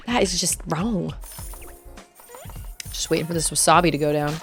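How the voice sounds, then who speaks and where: A woman from Utah streaming a game, rambling chattily and laughing often as she plays. She enunciates carefully, with hard R's. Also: deep voice. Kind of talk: casual chat while playing a game.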